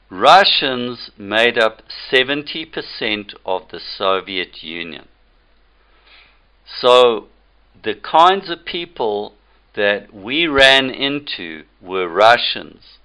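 A man's voice: fairly low pitch, pushed and bright, muffled recording. A man giving an emphatic, lecturing monologue as a political commentator. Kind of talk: opinionated monologue.

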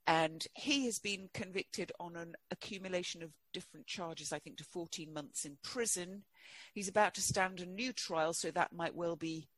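A man being interviewed as a guest, talking in a halting way with many fillers and restarts. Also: high-pitched, a bit bright, no echo. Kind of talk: interview conversation.

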